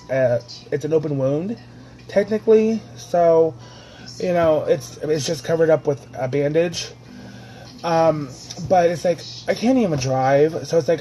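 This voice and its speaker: A man's voice: a little high, mellow, slight background noise, low-quality recording. Chatty man rambling through a story. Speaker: vlogger. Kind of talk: casual personal vlog.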